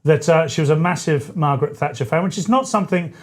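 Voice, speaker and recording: A man's voice: a little high, quick pace. A man in his forties hosting a live talk radio show, chatty and jokey with self-deprecating asides. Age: 40s. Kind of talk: casual live radio chat.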